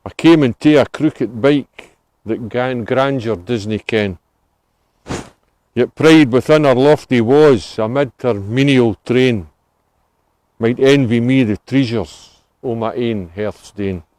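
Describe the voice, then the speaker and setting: Slow Scottish man reciting Scots verse. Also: mid-range voice, a little mellow, dry recording. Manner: measured, relishing recital. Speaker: tour volunteer reciting poems. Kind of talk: reciting Scots dialect poetry. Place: outdoors in a cemetery.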